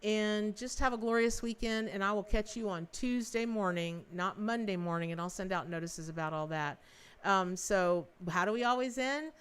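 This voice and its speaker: A woman hosts a live-stream tarot reading in a smooth, clear voice at a middle pitch. She rambles effusively, restarting her sentences as the ideas come. Her tone stays folksy and affectionate toward her viewers. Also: moderate pace. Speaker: tarot reader and livestream host.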